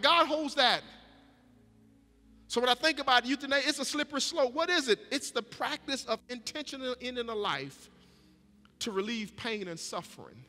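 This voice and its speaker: A man's voice: very high-pitched, lively intonation, moderate pace, sharp tone. A middle-aged man preaching a sermon as pastor, folksy and emphatic, often repeating his words. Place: church sanctuary. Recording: long church reverb with faint music.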